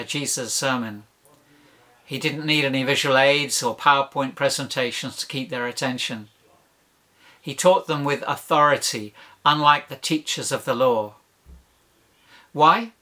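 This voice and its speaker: A man's voice: mid-range voice, bright, forceful tone. A man preaching a sermon, emphatic, building points with rhetorical questions and lists.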